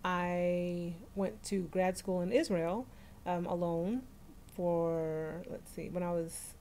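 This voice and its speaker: A woman's voice: fairly low pitch, fairly even intonation, slow pace, warm tone, slight background noise. A woman in her forties from New York hosts a casual livestream from her phone at home, chatting, laughing often and greeting viewers by name. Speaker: livestream host.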